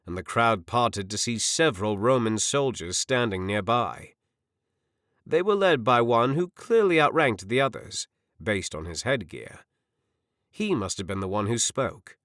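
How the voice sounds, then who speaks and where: A male audiobook narrator with a lowish voice, telling the story slowly and expressively with a lively rise and fall. The recording is close and dry, with no room sound. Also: no echo. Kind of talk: scripted narration.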